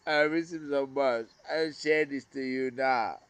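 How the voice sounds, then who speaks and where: A man pours out his grief to the camera in a slow, unhurried ramble full of curses. He lurches from raised, cracking outbursts to hushed murmurs. The sound is dry and close, with crickets and insects around him outdoors. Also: mid-range voice, clear, resonant tone, no room sound. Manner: grieving, rambling, swearing, swings from loud outbursts to near whispers. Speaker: vlogger. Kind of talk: emotional personal monologue.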